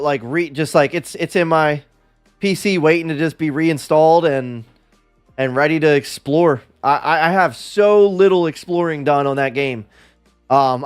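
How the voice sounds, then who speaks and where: A man's voice: on the high side, smooth. A man livestreaming in a casual chat, rambling and self-deprecating as he talks with his viewers.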